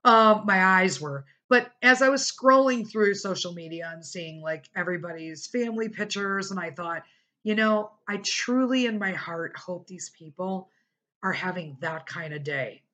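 A middle-aged woman hosting a podcast, telling a personal story casually and animatedly, acting out what other people said. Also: moderate pace. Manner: animated, acts out quoted people with big pitch jumps. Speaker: podcast host.

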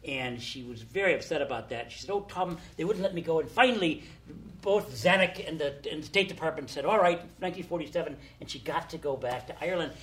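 An older man with a slightly high voice tells stories in a loose, casual way, acting out every quote as he goes. There is a faint hiss behind him. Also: fast talker. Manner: animated storyteller, acts out quotes. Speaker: storyteller guest. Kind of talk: casual anecdotes.

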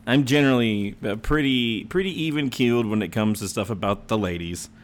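A man in his thirties, a podcast co-host in casual chat, talking in an animated, profane way and slipping into mocking impressions. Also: mid-range voice, a little fast.

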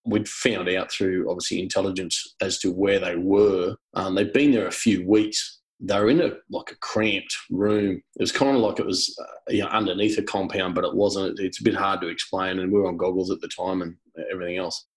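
A man's voice: sits low, steady tone, moderate pace, hardly any pauses, low-quality recording. An Australian man, a former soldier, telling war stories in a laid-back, casual way with many fillers and some swearing. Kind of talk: casual storytelling.

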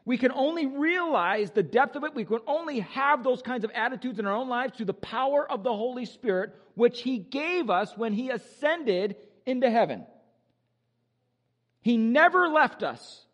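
A male pastor preaching an animated, joking sermon with exuberant energy. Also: very high voice, normal speed, few pauses, in a large hall.

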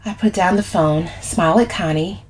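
Low-voiced woman narrating a story. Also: normal speed. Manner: expressive storytelling. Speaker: audiobook narrator. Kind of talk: first-person fiction narration.

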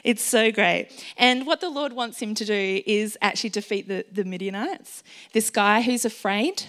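A woman's voice: mid-range voice, normal speed, fairly bright tone. A woman giving an informal, encouraging sermon to a gathered group, chatty and full of ums and light laughs. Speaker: speaker sharing a Bible message.

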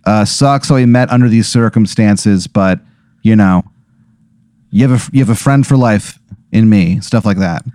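A man's voice: fairly low pitch, moderate pace, dark tone, dry recording. A man co-hosting a comedy podcast, telling a rambling improvised story full of fillers and restarts. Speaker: podcast co-host.

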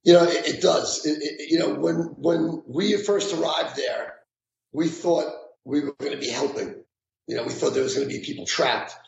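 A middle-aged man with a gravelly voice tells his memories in a halting way, restarting and repeating words. The sound is echoey. Faint background noise sits under it. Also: fairly high pitch. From New York. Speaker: retired firefighter guest. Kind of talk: emotional interview recollection.

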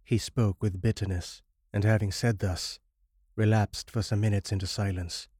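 Brief: male audiobook narrator, deep and warm, close and dry recording. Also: slightly rough, no room sound. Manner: steady, measured storytelling. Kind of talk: audiobook horror story reading.

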